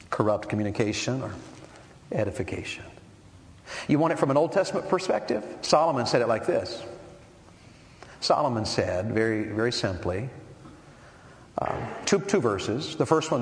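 A man's voice: medium pitch, lively intonation, a little slow, long pauses. Male preacher in an echoey hall. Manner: rhetorical questions, building to forceful emphasis. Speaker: preacher at a men's meeting. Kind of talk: sermon. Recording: echoey hall with long reverb and faint noise.

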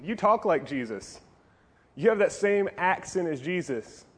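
A man's voice: high-pitched, lively intonation, a little slow, fairly bright tone, husky, long reverb tail, pitched above the performer's own voice, full character voice. A man voicing a suspicious bystander who questions someone in a prying, teasing way. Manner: prying, mocking.

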